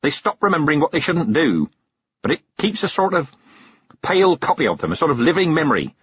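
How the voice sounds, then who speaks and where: A man voicing a stern, sharp-tongued old witch woman in an audiobook, curt and commanding. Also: a little high, big pitch swings, brisk, breathy edge, no room sound, pitched above the performer's own voice, exaggerated voice. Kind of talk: audiobook character voice. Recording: dull, dry narration recording.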